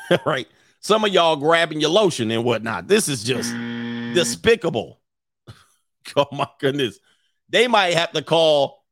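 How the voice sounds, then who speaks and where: Guy hosting a reaction show, blunt opinions, laughs a lot, kinda high voice, dead dry mic. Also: vocal fry, a bit bright, no room sound. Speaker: host. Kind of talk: casual reaction commentary.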